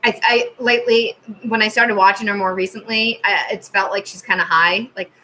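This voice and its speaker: A woman's voice: medium pitch, fairly even intonation, normal speed, pushed and bright, a little hiss or hum, poor audio. A woman in her thirties, a tarot channel host, chatting casually on a live stream and telling stories with lots of fillers. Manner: chatty storytelling with many fillers and laughs.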